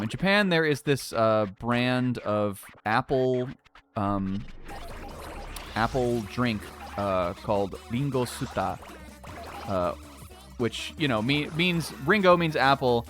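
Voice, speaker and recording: Excitable rambling man streaming a game. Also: medium pitch. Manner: rambling, excitable, swears often, laughs a lot. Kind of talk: casual game commentary. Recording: faint game music behind.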